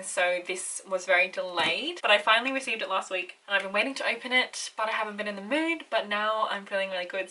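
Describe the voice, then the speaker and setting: A woman's voice: mid-range voice, pushed and bright, a little hiss or hum, low-quality recording. A young woman chatting casually and upbeat in her bedroom as a book vlogger. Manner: chatty, upbeat, laughs often. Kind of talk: casual vlog chat.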